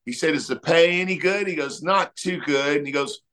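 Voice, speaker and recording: A man's voice: on the high side, brisk. A middle-aged man, a musician talking casually in an interview and telling stories loosely with many fillers. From Texas. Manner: relaxed storytelling, many fillers. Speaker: musician guest.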